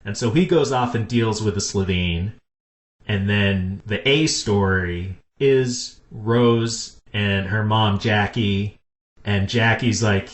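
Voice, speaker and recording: A man hosting a podcast in casual chat, enthusiastically pitching ideas. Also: slow. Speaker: podcast host. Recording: echoey room.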